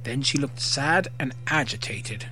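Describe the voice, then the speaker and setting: Guy reading fanfic out loud, bright voice, pitch all over, faint music behind. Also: unhurried. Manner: expressive, occasional slips and rereads. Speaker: narrator. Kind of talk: reading fan fiction aloud.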